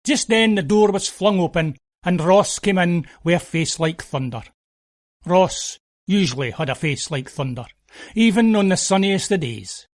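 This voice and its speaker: A man's voice: high voice, animated, a little slow, no room sound, studio quality. A Scottish man narrating an audio play in dialect, in a wry, homely, conversational way.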